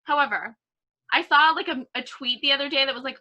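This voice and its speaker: A woman's voice: high-pitched, brisk. A woman in her twenties co-hosting a podcast, chatting and telling stories with lots of "like". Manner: chatty, animated storyteller, heavy use of "like". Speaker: podcast co-host. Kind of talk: casual chat.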